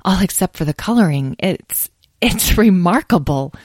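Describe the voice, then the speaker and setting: A woman's voice: fairly low pitch, animated, moderate pace, a little mellow, dry recording. A woman doing a gushing young dragon expert. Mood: eager. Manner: breathless, gushing.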